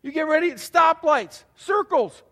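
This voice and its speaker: High-voiced pastor preaching in a reverberant hall. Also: male voice, animated, a little slow. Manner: folksy storytelling, rhetorical questions to the congregation; acts out quoted voices with big swings in loudness. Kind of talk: sermon. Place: church.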